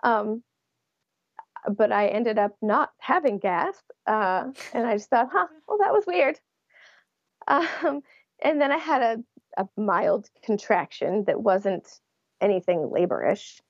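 A young woman recounts a personal story in a relaxed, candid way, often pausing to hunt for the right words. Her voice comes through dry and a little muffled, as if from a plain remote setup. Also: mid-range voice, dry recording. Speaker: podcast guest. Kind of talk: casual chat telling a birth story.

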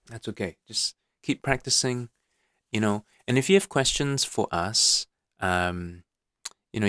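Man, podcast host, lowish voice, dry close sound, coaching tone, lots of fillers. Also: fairly bright tone, no echo. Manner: coaching, repeats points, checks in with "okay?"; many fillers and restarts. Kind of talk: motivational podcast talk.

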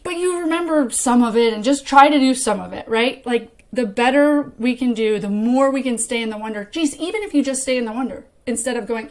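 A woman's voice: a little high, a little fast, hardly any pauses. A woman who trains youth mentors, teaching in a casual, conversational way and acting out example phrases. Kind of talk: casual instructional talk.

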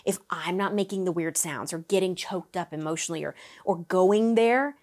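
A woman who works as a vocal coach, talking as a guest in a lively, upbeat interview and often breaking into quick vocal demonstrations. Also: lowish voice. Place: Nashville.

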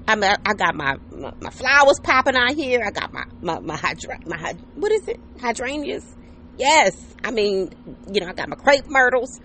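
A woman's voice: mid-range voice, very animated, moderate pace, bright, forceful tone, slight background noise. A woman hosting her own podcast outdoors, chatting casually and cheerfully, often checking in with listeners. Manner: chatty and upbeat, talks to listeners directly with many "okay?" and "right?". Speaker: podcast host. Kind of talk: casual solo podcast monologue. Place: outdoors under an umbrella on a patio. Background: neighbor's air conditioner.

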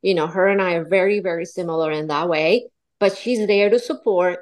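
A woman's voice: on the low side, fairly quick. Chatty woman from Colombia, podcast guest. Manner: chatty, animated, acts out quoted voices. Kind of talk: casual interview chat.

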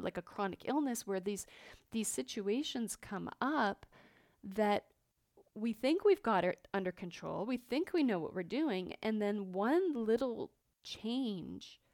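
A woman's voice: mid-range voice, a little mellow, no room sound. Woman, fifties, podcast host, personal storytelling, candid, reflective, restarts and fillers, dry close sound. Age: 50s.

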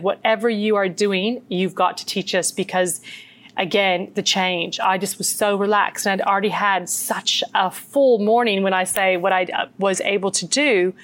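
Earnest middle-aged Australian woman. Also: medium pitch. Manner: earnest, animated storytelling. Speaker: meditation teacher, guest. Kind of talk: casual interview storytelling.

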